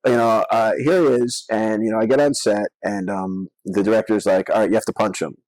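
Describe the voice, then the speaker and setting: Low-voiced middle-aged man telling anecdotes. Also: fairly even intonation, fairly quick, darkish tone, no room sound. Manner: rambling anecdotes full of filler words. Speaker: guest, actor and filmmaker. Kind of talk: podcast interview storytelling.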